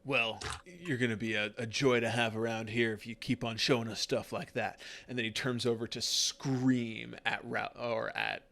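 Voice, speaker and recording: A man runs a tabletop game, describing scenes and calling for rolls. His voice is mid-pitched with a gravelly edge, and he rambles through fillers and quick laughs. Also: steady tone, bright, forceful tone. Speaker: game master.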